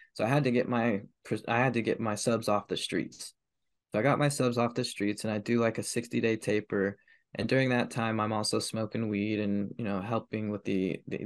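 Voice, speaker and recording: Podcast guest: man in his thirties with a low, even voice, blunt and profane. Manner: heavy swearing, raw and confessional. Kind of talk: candid personal storytelling.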